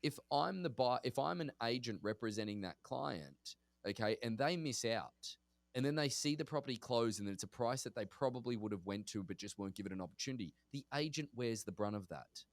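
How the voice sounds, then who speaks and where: A man chatting on a podcast as a guest agent, telling an animated story and acting out both sides of phone calls. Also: mid-range voice, fairly quick, no room sound. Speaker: guest, auction real estate agent. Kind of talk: casual storytelling in a podcast chat.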